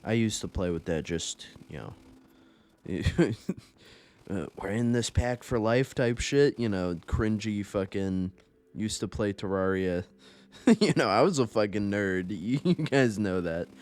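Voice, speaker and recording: A man's voice: lowish voice, unhurried, a little mellow. A young man rambling through casual gameplay commentary, laid-back and profane, often laughing at his own stories. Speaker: gaming YouTuber.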